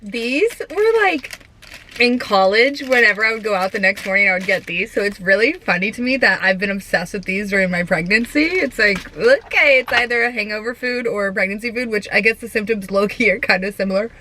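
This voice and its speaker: Bright-voiced chatty young woman vlogger. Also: mid-range voice, expressive, brisk, a little hiss or hum. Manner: chatty, giggly, lots of filler "like". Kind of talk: casual chat.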